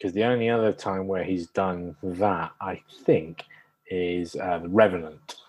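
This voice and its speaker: A man's voice: sits low, steady tone, a little slow, background noise. A Welsh man co-hosting a podcast, guessing with lots of fillers and joking along. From Wales. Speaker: podcast co-host. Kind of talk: casual podcast chat.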